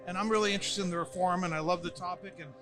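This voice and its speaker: An American podcast host with a high-sitting, steady male voice interviews guests at a busy conference venue. He talks in quick, chatty, playful bursts over loud background music.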